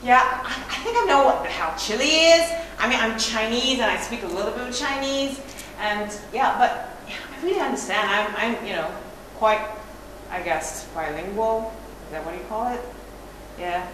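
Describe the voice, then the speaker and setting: A woman's voice: a little high, moderate pace, a bit bright, natural voice. An actress playing a boastful young woman auditioning, chatty and rambling with many fillers. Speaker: audition candidate. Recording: echoey room with background noise.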